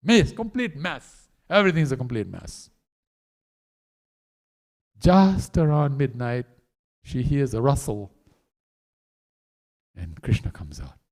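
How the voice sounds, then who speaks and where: A man preaching a storytelling sermon in a temple hall, acting out the characters with animated delivery. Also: medium pitch, slow pace, pauses often.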